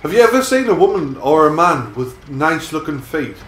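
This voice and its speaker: A man's voice: on the high side, sing-song, a little fast, a little hiss or hum. A man chatting crudely and rambling while drunk, hosting a gaming session. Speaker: gaming video host. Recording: echoey room with loud game music.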